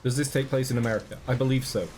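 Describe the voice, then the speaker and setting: A man's voice: mid-range voice, steady tone, racing, a little hiss or hum. A man streaming a reaction to a video, chatting casually to his viewers with rambling, joking asides.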